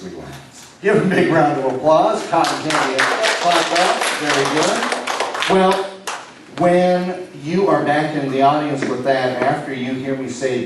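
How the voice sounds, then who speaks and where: A man from Nebraska working as a stage hypnotist in a comedy show, giving slow, soothing suggestions that sink soft and low when he tells people to relax. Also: noisy background. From Lincoln, Nebraska. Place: indoor city hall room. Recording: echoey hall, voice from far off.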